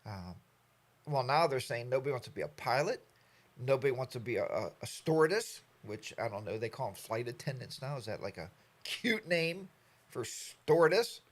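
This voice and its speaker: A man in his sixties hosts a casual live stream, greeting viewers by name while he rambles and jokes. His voice sits at a medium pitch and moves at a moderate pace, full of animated storytelling.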